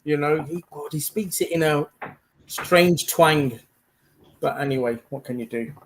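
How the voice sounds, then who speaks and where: A man's voice: fairly high pitch, unhurried, slight background noise, low-quality recording. A man on a live panel chat, laid-back, laughing often and slipping into Punjabi. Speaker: panel participant.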